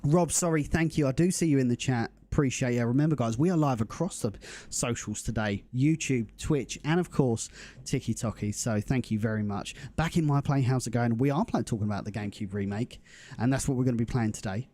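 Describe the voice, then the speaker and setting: A young man hosts a game live stream. His voice is mellow and warm, at a middling pitch. He chats casually and upbeat, greeting his viewers by name. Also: fairly quick. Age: young adult. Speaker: livestream host.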